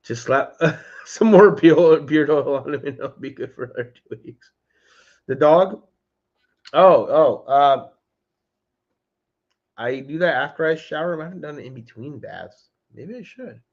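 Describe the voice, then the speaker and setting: This man's voice is fairly high and expressive, his pace unhurried with frequent pauses. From home he hosts a loose, chatty livestream, calling viewers by name and saying "dude." The recording is slightly dull lo-fi audio.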